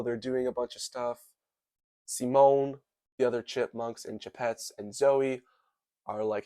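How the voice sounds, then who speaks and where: A man's voice: mid-range voice, darkish tone, no room sound, studio quality. A young man giving casual, comedic movie commentary, rambling and hyperbolic, full of "like" and "dude". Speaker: movie reviewer.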